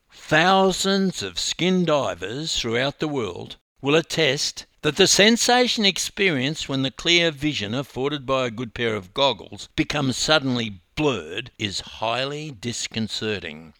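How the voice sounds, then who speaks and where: Lively Australian man telling a story. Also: medium pitch, no room sound. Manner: lively, dramatic emphasis. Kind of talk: storytelling narration.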